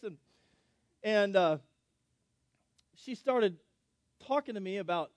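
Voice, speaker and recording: A middle-aged pastor tells a story from the pulpit, animated and self-deprecating, acting out every line of dialogue. His voice sits a little high for a man. The sound is close and dry. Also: fast, dry recording. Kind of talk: sermon storytelling.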